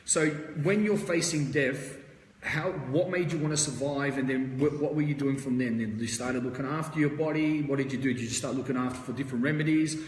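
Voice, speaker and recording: An Australian man hosts a live stream interview, asking rambling questions, gently prodding and swearing freely. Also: medium pitch, fairly quick. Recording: echoey room with faint noise.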